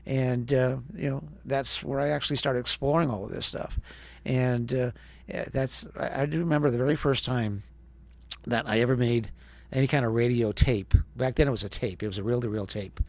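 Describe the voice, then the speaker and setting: A man's voice: medium pitch, steady tone, moderate pace, vocal fry, a little mellow, no room sound. A man in his fifties from Wisconsin, a former radio DJ, telling stories as a podcast guest and acting out the voices of the people he quotes. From Wisconsin, USA. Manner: chatty storyteller who acts out quoted voices. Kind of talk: storytelling interview.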